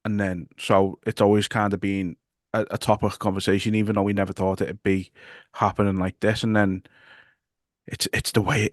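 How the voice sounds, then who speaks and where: Male podcast host, Liverpool accent, low flat voice, halting delivery, dry room. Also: no echo. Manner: halting, stumbling restarts, nervous laughs. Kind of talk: casual podcast chat.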